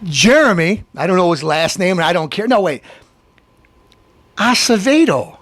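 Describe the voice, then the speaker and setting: Indignant man ranting with a lively high voice. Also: a little fast. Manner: indignant, rambling, full of restarts. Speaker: show host. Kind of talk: ranting monologue.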